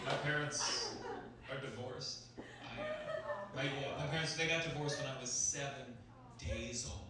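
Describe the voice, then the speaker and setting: A young man doing a stand-up comedy set on a club stage, talking in a quick deadpan way that jumps to sudden loud punchlines. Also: medium pitch, a loud crowd. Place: comedy club stage before a laughing audience. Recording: echoey club recording from far off, loud noise.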